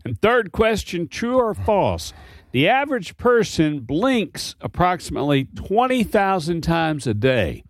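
Brief: man, radio co-host, animated pitch, dry studio, sarcastic. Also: a little slow, dry recording. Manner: sarcastic, teasing. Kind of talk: casual on-air banter.

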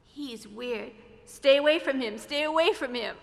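A woman's voice: high-pitched, a little slow, creaky, fairly bright tone, full character voice. A woman voicing a hostile taunting figure from a man's memories, spiteful and jeering. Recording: long echoing reverb.

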